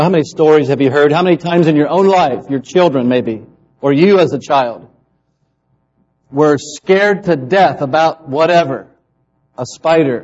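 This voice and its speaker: Husky storytelling preacher. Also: male voice, a little high, a little mellow, muffled recording. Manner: storytelling, acts out quoted voices. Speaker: pastor. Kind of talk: sermon with personal testimony.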